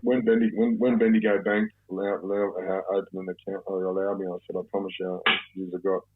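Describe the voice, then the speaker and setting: A man's voice: low-pitched, level tone, quick pace, very noisy. A middle-aged man with an Australian accent, telling stories in a casual interview, rambling and swearing freely. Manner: rambling, heavy swearing, blokey. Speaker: podcast guest. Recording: tinny phone line.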